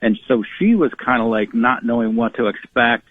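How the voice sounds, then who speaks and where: A man guesting on a radio show over a tinny, narrow phone line. His voice is husky and dry, and he tells family stories earnestly, restarting often and acting out quotes. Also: mid-range voice, normal speed, no room sound. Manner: earnest storyteller, many restarts and acted quotes. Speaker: author and guest. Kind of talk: radio interview storytelling.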